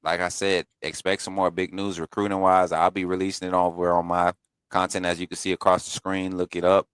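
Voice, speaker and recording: A man's voice: low-pitched, little pitch movement, a little fast, a bit bright, smooth, dry recording. A man co-hosting a casual sports chat, laid-back and slangy, laughing often. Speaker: podcast co-host.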